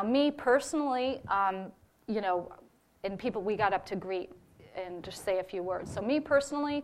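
Woman, church member reporting on a ministry trip, heartfelt testimony delivery. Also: medium pitch. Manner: earnest and heartfelt, with fillers. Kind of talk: personal testimony to a congregation.

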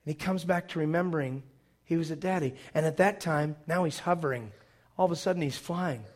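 A man preaching a sermon who retells a movie in an animated way, acting out the scenes with sudden loud bursts. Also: fairly high pitch, fairly quick.

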